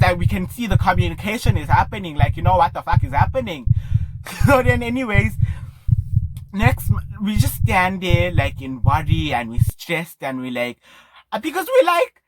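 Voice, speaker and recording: A young man with a South African accent, telling a story to his vlog in an animated, breathless way, full of swearing and fillers. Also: high voice, noisy background. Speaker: vlogger. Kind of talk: casual storytelling.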